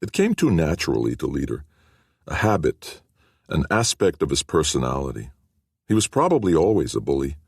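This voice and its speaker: A male audiobook narrator with a very low, husky voice, reading with lots of lift and fall in his pitch. The sound is close and dry, as from a studio mic. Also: normal speed, no echo. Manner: expressive, varied reading.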